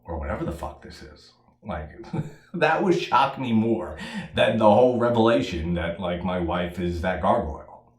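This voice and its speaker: A man giving a casual solo movie review, profane and animated, laughing at his own jokes. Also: on the low side, moderate pace, reverberant.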